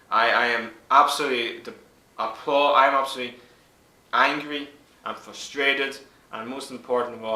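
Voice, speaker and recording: This is a young man's angry vlog rant: he's in his twenties, swearing heavily and speaking emphatically to the camera. His medium-pitched voice comes across bright and forceful, bouncing around an echoey room.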